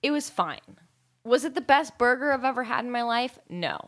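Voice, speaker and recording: A woman's voice: fairly high pitch, normal speed. Blunt, sweary woman podcast co-host. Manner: blunt, sweary, animated storytelling. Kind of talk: casual chat.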